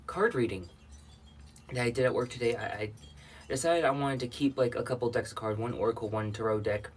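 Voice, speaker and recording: A man's voice: mid-range voice, brisk, slight background noise. A man hosting a casual livestream, chatting and rambling with viewers and greeting them by name, a little out of breath. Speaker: livestream host.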